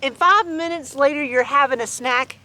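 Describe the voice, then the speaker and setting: A woman's voice: sits high, normal speed, sharp tone. A woman reading a rhyming picture book aloud to her farm animals outdoors, playful and laughing between verses. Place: outdoors on a farm with sheep and dogs.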